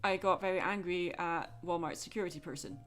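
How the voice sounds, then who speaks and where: A Scottish woman chatting frankly with soft laughs while drawing on a livestream. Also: fairly low pitch, fairly quick, faint music behind. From Scotland. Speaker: livestreaming artist.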